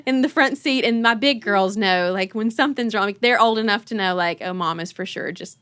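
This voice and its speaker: Bright-voiced woman telling a story. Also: medium pitch, a little fast, clean tone, no echo. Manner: animated, laughing, acting out her kids' voices. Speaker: podcast host. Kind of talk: casual conversational storytelling.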